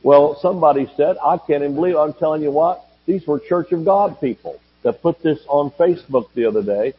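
A husky-voiced man preaches a sermon, asking question after question and throwing in jokes and calls of amen. The audio is dull and lo-fi. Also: a little high, brisk. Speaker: pastor.

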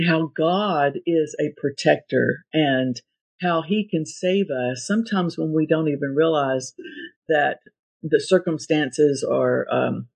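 Husky-voiced woman hosting an interview. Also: deep voice, takes it slowly. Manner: gentle, encouraging questioning. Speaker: host.

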